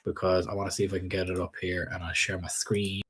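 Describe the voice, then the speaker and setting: A man's voice: sits low, flat delivery, fast, a bit bright, husky. A man hosting a casual football podcast, blunt and sarcastic in his asides. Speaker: podcast host. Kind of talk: casual chat.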